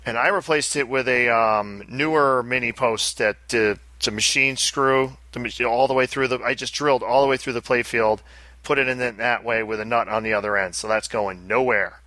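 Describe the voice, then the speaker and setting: A man's voice: medium pitch, normal speed, bright, forceful tone, no echo. A man co-hosting a casual podcast chat, talking in a rambling way and often repeating his words. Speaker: podcast co-host.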